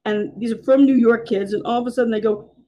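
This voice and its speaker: Mom telling old family stories on a podcast, mellow husky voice, easygoing. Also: female voice, on the high side, quick pace, rough recording. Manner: storytelling, relaxed and homey. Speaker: podcast guest, host's mother. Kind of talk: casual anecdote telling.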